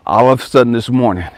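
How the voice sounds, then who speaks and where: A man's voice: mid-range voice, no echo. A man giving a motivational spiritual talk as a coach. He repeats his exhortations emphatically, tells stories in a slangy, conversational way, and swears casually.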